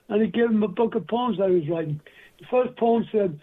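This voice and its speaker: A man's voice: high-pitched, fairly quick, slightly rough. An older man from England, a guest telling rambling stories in an interview, recorded over a phone line. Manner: rambling anecdotal storyteller. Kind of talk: storytelling interview.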